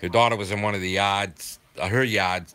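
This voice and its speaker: An older man from southeastern Massachusetts with a local accent, casually chatting with viewers on a livestream in a rambling, halting way. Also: lowish voice, fairly even intonation, pushed and bright, clear, resonant tone. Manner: rambling, halting, full of fillers. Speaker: livestream host. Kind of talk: casual chat reading viewer comments.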